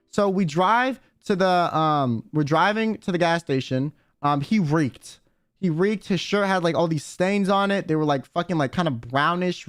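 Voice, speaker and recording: A man's voice: on the high side, no room sound, clean studio sound. A young man streamer telling a story casually, rambling and swearing with many fillers. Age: young adult. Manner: rambling, profane, lots of "like" and "um".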